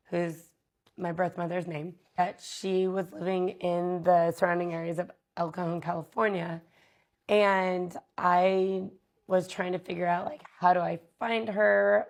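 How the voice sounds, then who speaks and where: A woman vlogger telling a personal story in a candid, halting way, with many pauses and fillers. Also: lowish voice, gravelly.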